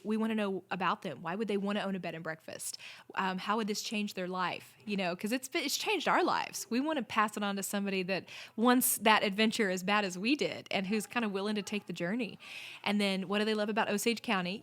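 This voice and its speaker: A woman's voice: mid-range voice, a bit bright. A middle-aged woman, a podcast guest, telling her story in a chatty, upbeat way. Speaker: podcast guest, inn owner and corporate chef. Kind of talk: casual interview chat.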